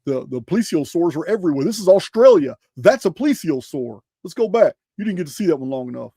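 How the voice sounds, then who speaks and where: Gravelly-voiced man, emphatic slide talk. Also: a little high, sing-song, brisk, mellow, dry recording, clean studio sound. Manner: emphatic, restarts phrases, rhetorical questions. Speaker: host presenting slides. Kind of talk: casual presentation over slides.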